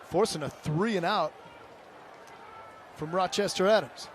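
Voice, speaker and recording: A man calling a high school football game play by play, rising to excited calls on big plays. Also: measured pace, slight background noise. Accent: Michigan. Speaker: play-by-play announcer. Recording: broadcast booth over loud stadium crowd.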